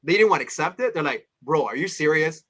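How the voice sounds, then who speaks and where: A man in his thirties, an interview guest, telling personal stories in an animated way and acting out his friends' voices. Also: fast. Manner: animated, acts out friends' voices with big pitch jumps; addresses host as "my beloved father". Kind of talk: storytelling in casual interview.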